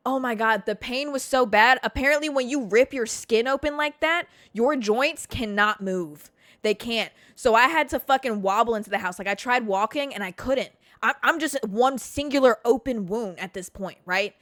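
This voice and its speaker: Podcast host, woman: bright, punchy voice, dry close sound, animated swearing storyteller. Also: a little high, no room sound. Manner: animated, swearing, dramatic pauses. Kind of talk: casual storytelling.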